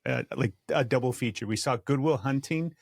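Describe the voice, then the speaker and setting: A man's voice: mid-range voice, brisk, creaky, no echo, clean studio sound. A man co-hosting a podcast, telling a story casually in an easygoing, self-mocking way.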